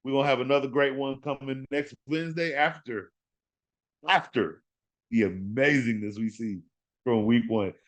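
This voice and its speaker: A man's voice: medium pitch, normal speed. Guy hosting a fantasy football podcast, hyped and trash talking, says stuff over and over for emphasis. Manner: animated, trash-talking, repeats words for emphasis. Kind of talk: casual sports podcast talk.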